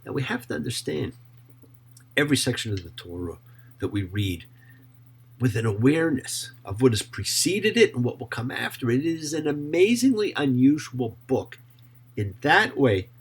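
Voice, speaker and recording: A man who is a rabbi, teaching Torah in an emphatic, expressive way and often asking rhetorical questions. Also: medium pitch, moderate pace, a little hiss or hum.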